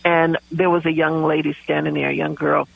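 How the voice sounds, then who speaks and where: A woman's voice: sits low, flat delivery, brisk, creaky, no echo, lo-fi sound. A woman guest telling a heartfelt story in an interview, laughing often as she talks. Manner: warm testimony with frequent laughs. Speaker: guest, community pie baker.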